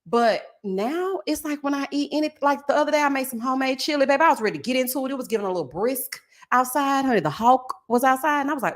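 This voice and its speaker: A woman in her forties hosting a live stream, chatting casually with her viewers and reading their comments aloud, sassy and animated, laughing often. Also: sits high, fast talker. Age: 40s. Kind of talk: casual chat.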